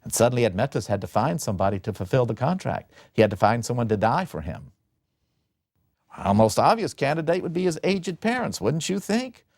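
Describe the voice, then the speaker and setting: A man giving a lecture on a classic Greek play, telling the story in an animated, dramatic way. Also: mid-range voice, brisk, no echo, clean studio sound.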